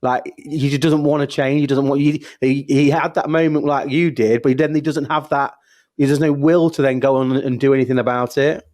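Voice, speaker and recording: A man's voice: medium pitch, fairly even intonation, a little mellow. Male co-host, casual, stop-start delivery, mid-range voice. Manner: halting, restarting sentences. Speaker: podcast co-host. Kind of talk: casual chat.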